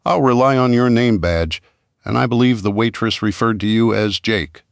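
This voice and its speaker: A man's voice: on the low side, moderate pace, vocal fry, no room sound, clean studio sound. Man voicing a poised woman reporter. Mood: composed. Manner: polite, composed. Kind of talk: audiobook character voice.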